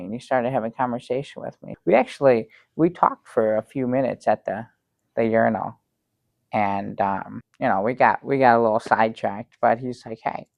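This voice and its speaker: A man playing a naive sidekick, rambling, earnest, gravelly, average pitch. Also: dry recording. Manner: rambling, halting with many ums, sincere. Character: naive dim-witted male sidekick Bert. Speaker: show regular. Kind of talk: improv sketch comedy.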